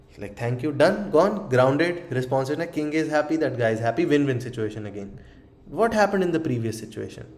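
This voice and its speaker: A man's voice: mid-range voice, darkish tone. A man coaching a seminar group. He acts out short exchanges to make his point, swears casually and keeps checking whether the room is following. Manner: acts out little scenes, swears freely, rhetorical questions. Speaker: dating coach.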